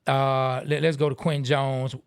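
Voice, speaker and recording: A man co-hosting a casual live-stream podcast, reading out viewer comments with relaxed asides. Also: medium pitch, unhurried, smooth, dry recording, clean studio sound. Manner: laid-back, reads viewer comments aloud with asides. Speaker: podcast co-host.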